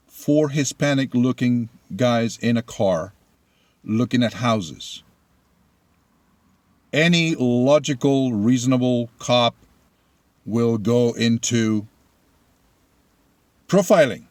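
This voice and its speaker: A middle-aged man, a native Spanish speaker, delivers blunt political commentary in a slow, deliberate way. His voice sits at an ordinary pitch for a man. The sound is dry and close, with no room echo. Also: a little mellow. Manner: deliberate, blunt, opinionated storytelling. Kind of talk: opinion monologue.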